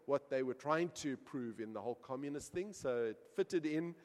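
Male pastor mid-sermon, dynamic delivery from hushed to loud, church-hall reverb. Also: mid-range voice, animated, normal speed. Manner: swings from quiet asides to loud emphatic storytelling.

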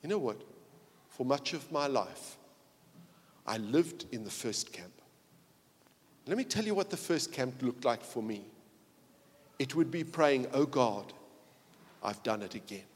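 A man preaching a sermon, telling a story dramatically and swinging between hushed passages and loud ones. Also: medium pitch, expressive, unhurried, long pauses, husky. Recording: long reverb of a large hall.

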